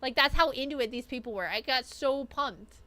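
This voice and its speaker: A young adult woman streamer telling a story in casual chat, excitable, filling her talk with "like" and swinging between loud bursts and mumbled asides. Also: high voice, a little fast. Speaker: streamer recapping an event.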